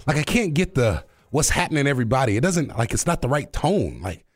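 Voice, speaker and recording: A man's voice: mid-range voice, sing-song, fairly quick, dry recording. Young guy radio host, playful and jokey, voice bounces all over, dry close sound. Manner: playful, laughs often, jokey self-mocking asides. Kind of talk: casual radio chat.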